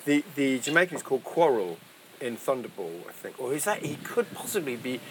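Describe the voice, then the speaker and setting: A man's voice: mid-range voice, big pitch swings, a little fast, slight background noise. A man chatting casually as co-host, restarting his sentences and laughing easily. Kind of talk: casual chat. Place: indoors, clip mic.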